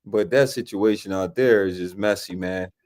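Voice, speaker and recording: A man's voice: deep voice, normal speed, darkish tone. A man co-hosting a casual sports picks show, folksy, filling every line with "man" and "y'all". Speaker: co-host.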